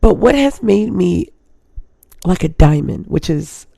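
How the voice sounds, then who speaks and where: A woman's voice: on the low side, expressive, takes it slowly, creaky, warm tone, slightly rough, dry recording, studio quality. A woman in her thirties from Hawaii, hosting a casual live stream and rambling to her viewers. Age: 30s. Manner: rambling, chatty, keeps addressing viewers.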